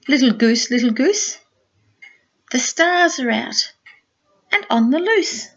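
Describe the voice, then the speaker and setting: Older lady reading a bedtime picture book, sing-song and gentle, high and slow, dull lo-fi home recording. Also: animated. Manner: gentle, sing-song storytelling with soft asides. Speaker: grandmother reading aloud. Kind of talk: reading a picture book aloud to a small child.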